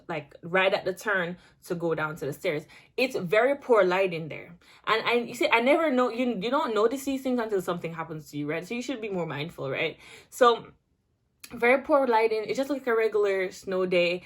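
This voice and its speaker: A young woman vlogger telling a casual storytime, chatty and animated, with many restarts and filler words. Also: mid-range voice.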